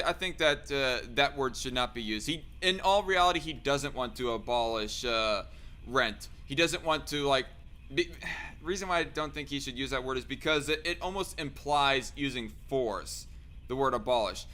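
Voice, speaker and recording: A man's voice: mid-range voice, sharp tone, smooth. A man hosting a podcast, talking in a casual, hesitant way and often correcting himself. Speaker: podcast host.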